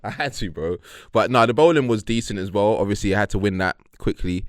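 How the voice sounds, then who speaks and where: A man's voice: on the low side, lively intonation, quick pace, smooth, no room sound, studio quality. A young man, co-hosting a podcast with a friend, arguing playfully and tripping over his own words. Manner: playful, argumentative, stumbles and repeats words. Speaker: podcast co-host. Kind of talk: casual banter between friends.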